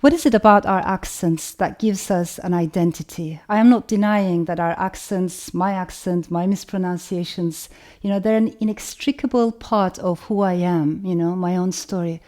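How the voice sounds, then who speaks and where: A woman author with a Turkish accent, speaking in a thoughtful, measured way and often saying "you know". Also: on the low side, a little mellow. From Turkey. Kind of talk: reflective talk to camera.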